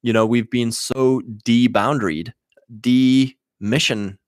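A man hosting a casual monologue to his listeners, punchy and animated, acting out the voices he quotes. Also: mid-range voice, slow, dry recording, clean studio sound. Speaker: host.

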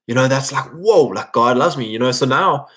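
A man gives a relaxed, conversational sermon. His tone is earnest and exhorting, and he urges his audience on. He often slips into acting out the prayers he quotes. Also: medium pitch, moderate pace. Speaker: Christian speaker. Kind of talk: casual sermon.

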